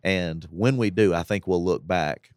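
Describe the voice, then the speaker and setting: A man's voice: low-pitched, unhurried, darkish tone, smooth, no room sound, studio quality. A man, a pastor telling faith stories on a church podcast. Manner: earnest testimony, acts out quotes.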